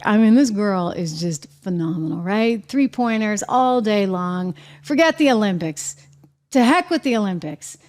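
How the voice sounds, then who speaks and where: A woman's voice: mid-range voice, darkish tone. A woman hosting her own show, delivering emphatic, indignant commentary and repeating her points. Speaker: show host. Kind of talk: opinionated commentary.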